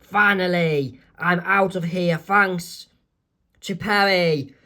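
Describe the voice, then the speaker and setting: Reader reading teen girl candace off a comic, flat, mid pitch, nothing fancy. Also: takes it slowly. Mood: plain. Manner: read flatly from a comic strip. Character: teenage girl locked up and protesting innocence. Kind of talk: amateur comic read-aloud.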